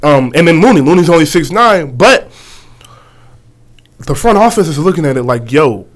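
A man's voice: a little high, lively intonation, normal speed. A man co-hosting a casual sports talk show, laid-back and slangy as he talks through his take at length. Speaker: podcast co-host.

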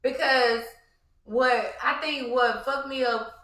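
A woman's voice: sits high, slow, echoey room. A woman co-hosting a podcast, talking bluntly and profanely in casual chat. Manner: blunt, profane, animated storytelling. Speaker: podcast co-host.

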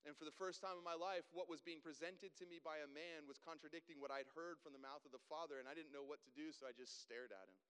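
A man in a large reverberant hall tells his testimony, bright and forceful in tone, with a smooth, resonant voice that sits a little high. He jumps into the voices of the people in his story as he goes. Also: quick pace, hardly any pauses. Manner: animated storyteller, acts out dialogue. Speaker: guest speaker.

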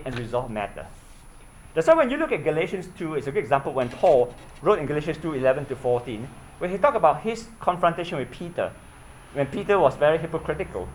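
Lively-voiced man preaching, faint background hiss. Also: on the high side, rough recording. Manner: earnest, asks the listeners questions, repeats himself. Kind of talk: sermon.

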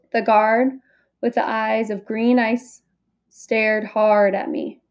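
Woman, audiobook narrator, unhurried, fairly high voice, careful reading. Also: flat delivery, highs cut off. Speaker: audiobook reader. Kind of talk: first-person storybook narration.

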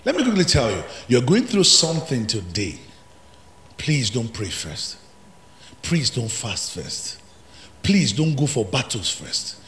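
Preacher guy, bright ringing voice, goes quiet then shouts, echoey church. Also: mid-range voice, sing-song, unhurried, a little hiss or hum. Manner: dramatic, swinging from hushed asides to shouted climaxes. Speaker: pastor. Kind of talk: sermon.

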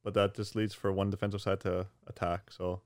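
A man's voice: deep voice, little pitch movement, brisk, no room sound, studio quality. A man on a casual football podcast, reasoning through his picks. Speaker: podcast co-host. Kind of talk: casual sports prediction chat.

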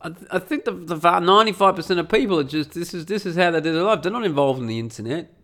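A man's voice: on the high side, expressive, quick pace, a bit bright. A man hosting a casual solo podcast from home, talking in a rambling, profane and self-mocking way. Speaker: podcast host and blogger. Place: at home during renovation.

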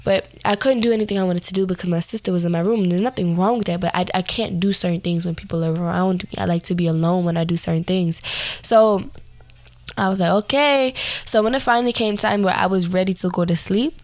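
A young woman hosting a podcast, hoarse and tired as she tells a personal story in a rambling way with lots of fillers and restarts. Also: fairly low pitch, fairly even intonation, quick pace, darkish tone, dry recording. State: hoarse, recovering voice; tired, yawning.

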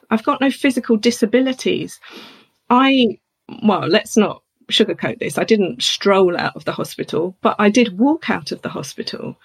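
A woman's voice: medium pitch, slightly rough. A woman speaking openly as an interview guest, chatty and laughing now and then as she tells hard personal things.

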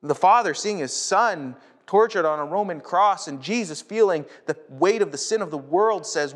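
A man from North America, a pastor, preaching a sermon in a casual, conversational way. He often repeats words as he starts a thought and rises sharply in pitch when retelling a story. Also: lively intonation, normal speed, hardly any pauses.

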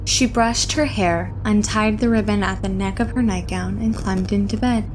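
A woman narrating a horror story in a measured, suspenseful reading. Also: mid-range voice, fairly even intonation, music in the background.

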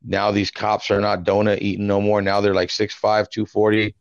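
A low-voiced man talking in relaxed slang, calling people bro. The recording is dry and a bit muffled, with no room sound. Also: normal speed, no room sound. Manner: laid-back slang, says bro often. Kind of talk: casual chat. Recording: dry, dull lo-fi audio.

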